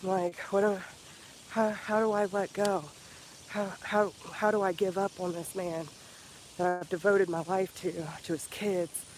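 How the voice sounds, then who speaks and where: A man giving an earnest, profane motivational talk in a casual vlog, slowing down and repeating himself for emphasis. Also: high-pitched, level tone, a little hiss or hum, rough recording. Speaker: spiritual healer vlogger.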